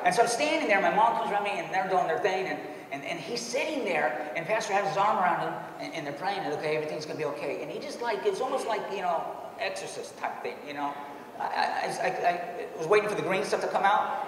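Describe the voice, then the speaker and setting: A man preaching a sermon in a church and telling a personal story, dropping his voice low for quoted lines and laughing often. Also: fairly bright tone, a little hiss or hum. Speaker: pastor. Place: church sanctuary. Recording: echoey hall, distant mic.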